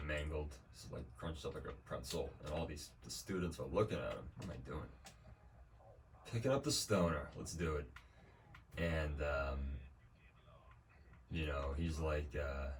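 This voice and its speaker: A young man with a very low, deep voice rambles casually over his gameplay. He drifts between dry jokes and swearing. He sits some distance from the mic, with a faint hiss behind him. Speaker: streamer.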